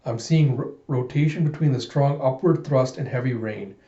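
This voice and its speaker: A man's voice: mid-range voice, normal speed, dark tone, roomy sound, highs cut off, natural voice. A man voicing a stern, cold-blooded male director who barks orders over an intercom. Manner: cold, commanding.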